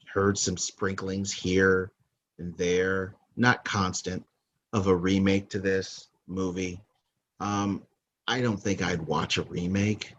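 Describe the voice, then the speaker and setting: A man's voice: deep voice, a little hiss or hum. A man hosting a movie countdown podcast, talking casually in a rambling, opinionated way that often corrects itself. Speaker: podcast host.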